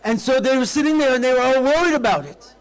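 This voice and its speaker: A man, a rabbi, giving an animated storytelling address at an outdoor festival, mixing Hebrew terms into his talk. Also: very high voice, quick pace, smooth.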